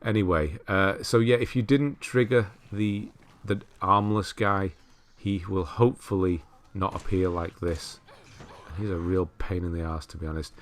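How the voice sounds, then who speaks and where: Male game walkthrough host, deep voice, casual and self-deprecating. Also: moderate pace. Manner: relaxed, chatty, laughs at himself, self-correcting. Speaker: walkthrough commentator. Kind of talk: casual gameplay commentary.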